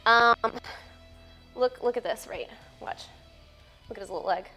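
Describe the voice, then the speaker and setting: Young female streamer, upbeat and playful, higher voice, faint music behind. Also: a little slow, pushed and bright. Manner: bubbly, playful, reads chat aloud and answers it. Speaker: fitness streamer and personal trainer. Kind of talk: casual live-stream chat.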